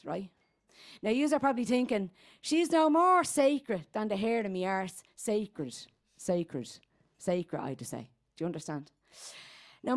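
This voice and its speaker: A woman's voice: medium pitch, a little mellow, natural voice. A woman doing Growler, a crude old Dubliner. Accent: Dublin Irish. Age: 80s. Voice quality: crude, rambling, streetwise. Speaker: comedy character guest. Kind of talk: stand-up character monologue.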